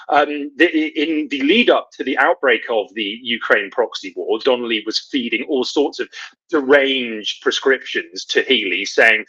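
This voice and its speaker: Bright-voiced sardonic man hosting political commentary. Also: medium pitch, measured pace, breathy edge, muffled recording. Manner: sardonic, rambling with many fillers and restarts.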